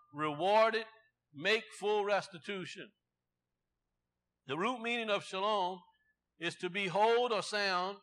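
A man's voice: high voice, bright, forceful tone. A man preaching, explaining word meanings in a Bible teaching sermon and building to fervent exhortation. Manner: explains word meanings slowly, then preaches with rising fervor.

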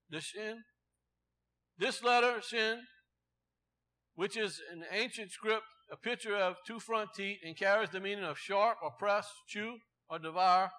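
A man's voice: high-pitched, pushed and bright. A man preaching, explaining word meanings in a Bible teaching sermon and building to fervent exhortation. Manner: explains word meanings slowly, then preaches with rising fervor.

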